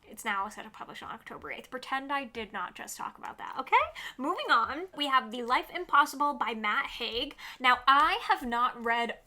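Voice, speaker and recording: A woman chatting about the books she can't wait to read, her voice bright and a touch high. She gushes and stays upbeat, and she fills her talk with "like" as she runs through her list. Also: expressive, moderate pace. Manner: gushing, upbeat, peppered with "like". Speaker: book vlogger. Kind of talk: casual chatty book rundown.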